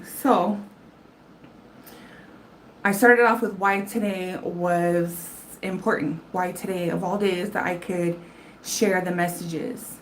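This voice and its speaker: A woman's voice: lowish voice, takes it slowly, a little hiss or hum, poor audio. A woman spiritual reader telling a rambling story live from home, swearing casually. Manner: rambling, animated, swears freely. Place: home in Arizona, fan running.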